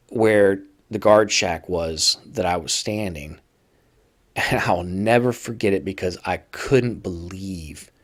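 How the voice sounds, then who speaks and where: Male host, slightly low voice, conversational first-person storytelling. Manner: casual, conversational, acts out quoted voices loudly. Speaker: podcast host telling prison stories.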